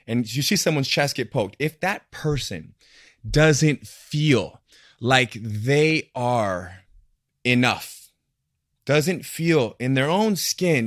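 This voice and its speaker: Animated man telling stories, dry sound. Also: mid-range voice, slow, dry recording. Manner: animated, acts out quoted voices. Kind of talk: casual conversation.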